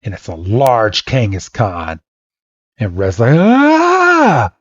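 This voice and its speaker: A man hosting a podcast, casually retelling a story and acting out every character in an animated way. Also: sits low, slow, husky, no room sound. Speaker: podcast host. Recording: dull lo-fi dry podcast mic.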